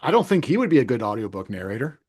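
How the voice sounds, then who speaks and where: A man's voice: mid-range voice, very animated, rapid-fire, a little mellow, slightly rough. A man hosting an interview, asking short, easygoing questions. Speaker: interview host. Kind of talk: casual interview conversation.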